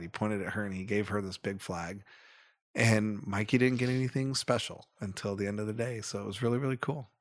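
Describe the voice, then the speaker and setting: A man's voice: on the low side, fairly bright tone. A middle-aged man hosting a podcast in casual chat, rambling and correcting himself as he tells a fond family story. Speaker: podcast co-host.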